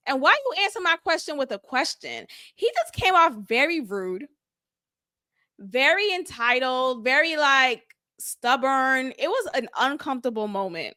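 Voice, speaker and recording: A woman's voice: high voice, animated, a little slow, sharp tone, no echo, clean studio sound. A woman hosting a casual reality show recap, candid, opinionated and chatty. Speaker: show review host.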